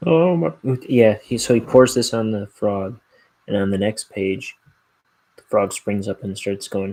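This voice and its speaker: A man rambling in casual chat as he works on his art, slow and unhurried, with self-deprecating asides. His voice is gravelly and husky, and his mumbles drift off quietly. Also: fairly low pitch, steady tone, poor audio. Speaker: artist streaming his inking work. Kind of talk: casual chat while drawing.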